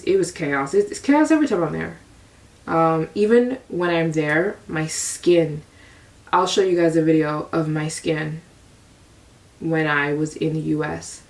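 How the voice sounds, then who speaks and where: A young adult woman from the US telling a candid, rambling personal story as a vlogger, her voice a little distant from the mic. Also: low voice. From United States. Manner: confessional, rambling, frequent repeats.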